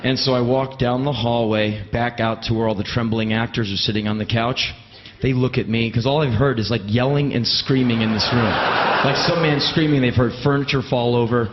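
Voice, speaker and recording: A man's voice: mid-range voice, steady tone, normal speed, highs cut off, background noise. A man doing live comic storytelling, wry and emphatic, swearing freely. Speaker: spoken word storyteller.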